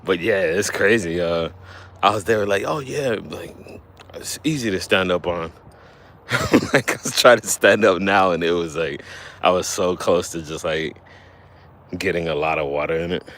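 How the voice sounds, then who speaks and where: Next to his kayak, a man hosts a laid-back livestream in a low-pitched, fairly bright voice, holding a steady tone at normal speed. A little winded, he rambles, self-corrects, and laughs often, with faint background noise audible.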